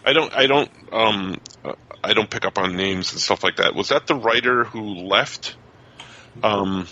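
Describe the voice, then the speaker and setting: A hesitant man with a lowish, bright, edgy voice, joining a casual podcast chat. His speech halts and stumbles over fillers. The recording sounds dull and lo-fi, as if he were set back from the mic. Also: unhurried. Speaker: podcast co-host.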